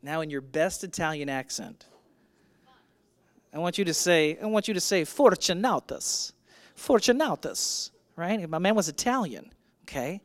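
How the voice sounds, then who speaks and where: A male pastor preaching a sermon. He swings between loud, emphatic declarations and hushed, intimate lines, and calls out to his congregation. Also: fairly high pitch, normal speed, pauses often, no echo. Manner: addresses the congregation directly with call-and-response prompts. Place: church.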